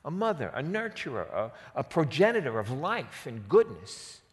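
A man with a New York accent teaching a Bible passage, lively and acting out the quotes in casual slang. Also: mid-range voice, moderate pace, big-room sound.

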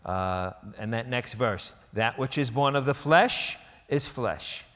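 A man's voice: mid-range voice, slow pace, a bit bright. A man preaching a sermon as pastor, emphatic and conversational, slipping into quoted asides. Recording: reverberant hall.

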